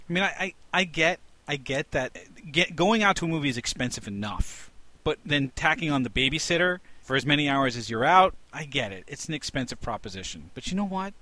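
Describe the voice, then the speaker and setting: A man hosting a casual podcast chat, animated and profane, who keeps asking the others what they think. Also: fairly high pitch, fairly quick, no echo.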